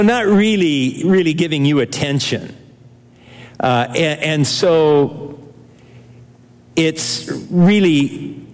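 A man's voice: on the high side, long reverb tail. An older man preaching a sermon as pastor, earnest and expository, with shifting pace.

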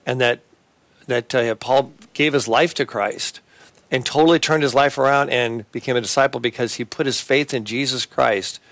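A man hosting a Christian talk show, talking earnestly and haltingly, with many fillers and restarts. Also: mid-range voice, fairly even intonation, creaky, fairly bright tone, no echo. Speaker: host.

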